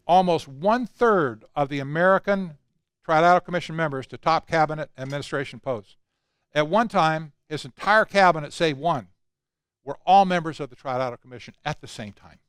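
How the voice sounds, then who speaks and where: A man's voice: a little high, a bit bright, clean tone, no echo, studio quality. An older man speaking at a conference, emphatic and conversational, with asides. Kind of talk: lecture talk.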